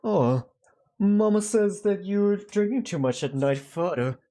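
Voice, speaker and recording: A man's voice: high voice, expressive, unhurried, warm tone, pitched above the performer's own voice. A man doing a prissy English child. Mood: prim. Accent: put-on English. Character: prim young English child nagging father.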